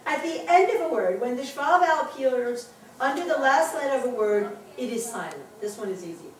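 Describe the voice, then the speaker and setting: Woman teacher, high voice, heard from afar in an echoey classroom, laughing and encouraging. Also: animated, moderate pace. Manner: chatty, laughs often, encouraging. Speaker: Hebrew teacher. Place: synagogue classroom. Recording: echoey room, distant mic, background noise.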